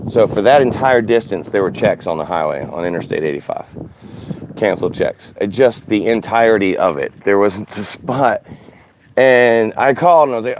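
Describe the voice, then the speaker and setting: A man's voice: fairly low pitch, highs cut off, slight background noise. A man in his forties, a former radio host, telling casual rambling stories about his life, often correcting himself and laughing at his own tales. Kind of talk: casual storytelling monologue.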